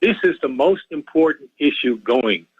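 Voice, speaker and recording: A man's voice: a little high, lively intonation, moderate pace, slightly rough, no echo. A man calling in to a radio show, ranting and pleading with emotion and repeating himself. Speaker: caller. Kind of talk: impassioned call-in rant. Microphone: telephone. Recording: muffled phone line.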